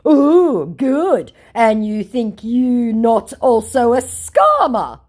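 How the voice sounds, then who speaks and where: A woman doing a slow, muddled young male scammer. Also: fairly high pitch, sing-song, a little mellow, pitched above the performer's own voice, exaggerated voice. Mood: defensive. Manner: slow, halting, broken phrasing.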